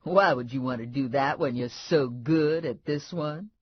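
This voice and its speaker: A woman voicing a brash, loud-mouthed sidekick woman in an audiobook, all scolding and sass. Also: a bass voice, unhurried, husky, no echo, exaggerated voice. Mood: amused. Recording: dull lo-fi dry audiobook recording.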